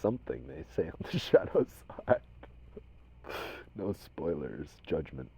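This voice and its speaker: A man from Minnesota talking casually to unseen spirits as a medium, rambling and shifting between loud commands and soft whispers. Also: very deep voice, very animated, unhurried, vocal fry, pauses often, breathy edge, muffled recording. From Minnesota, USA.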